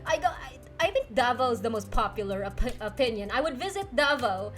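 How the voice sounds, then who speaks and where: Young woman streamer, high voice, giggly storytelling, faint music behind. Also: a little fast. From Philippines. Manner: giggly, lively, laughs often mid-sentence. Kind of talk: casual storytelling on a livestream, answering chat.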